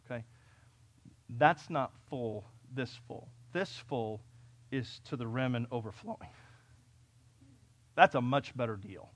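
A man from California preaching a sermon, reading scripture and telling stories, swinging between loud, urgent peaks and quiet, conversational asides. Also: mid-range voice, expressive, slow, long pauses, dry recording. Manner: conversational storytelling with fillers and restarts. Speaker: pastor.

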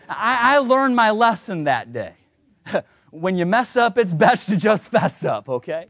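A man with a fairly high voice preaches a sermon, working in a funny personal story and chuckling along the way. He brings the voices in his stories to life with a lively, shifting tone. The sound is close and dry, with no room echo. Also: measured pace. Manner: storytelling with self-deprecating humor and chuckles; acts out quoted voices in a lively, varying tone.

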